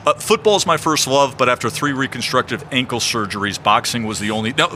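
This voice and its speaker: A man's voice: medium pitch, fairly quick, pushed and bright, a little hiss or hum. A middle-aged man from New York, a sports broadcaster, chatting animatedly and joking as a podcast guest. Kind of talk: casual podcast chat.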